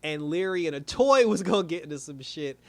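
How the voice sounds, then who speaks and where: A man with a fairly high voice reviews a TV episode in a loose, casual recap. He talks with animated energy and laughs often. He drops his voice low when he mimics the characters. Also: brisk, dry recording. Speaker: TV show reviewer.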